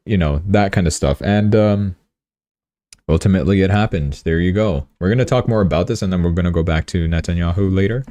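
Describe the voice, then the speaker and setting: Male livestream host, deep and mellow, casual rambling commentary. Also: brisk, no echo. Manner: chatty, rambling, joking asides.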